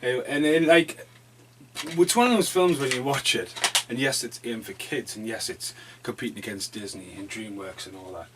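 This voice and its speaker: Man, casual film review vlog, rambling, swears a lot, middle pitch, faint hiss. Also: moderate pace. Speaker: movie reviewer. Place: dim room at home.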